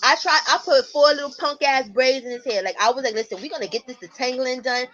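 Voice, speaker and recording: A woman, host of a casual livestream, telling stories to her viewers at home in a blunt, profane, animated way. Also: high voice, fast. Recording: muffled lo-fi stream audio.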